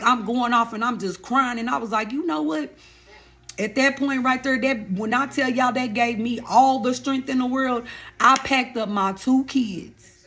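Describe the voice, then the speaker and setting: A woman in her thirties telling her own life story to viewers in a casual, animated way, often calling them y'all and baby. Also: on the high side.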